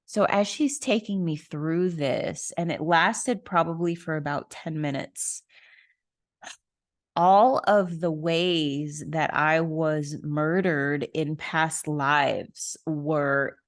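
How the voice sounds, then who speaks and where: A woman's voice: low-pitched, no room sound, clean studio sound. A woman hosting a podcast, casually telling a personal story, candid and frank. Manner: candid, casual, swears and laughs. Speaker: podcast host.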